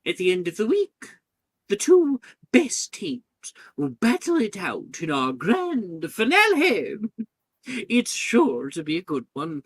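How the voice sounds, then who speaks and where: A man's voice: high-pitched, slightly rough, no room sound, pitched above the performer's own voice, full character voice. Man putting on a stately old headmistress. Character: brisk stately older headmistress, woman.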